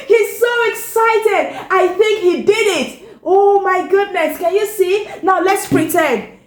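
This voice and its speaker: Animated high-voiced woman reading to kids. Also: slow pace, hardly any pauses, roomy sound. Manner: sing-song, asks the listening child questions, exclaims often. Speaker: children's story reader. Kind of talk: animated read-aloud storytime.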